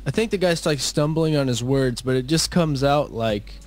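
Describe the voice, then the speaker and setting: A man's voice: medium pitch, moderate pace, darkish tone. A man chiming in with laid-back, joking game commentary. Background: faint game music.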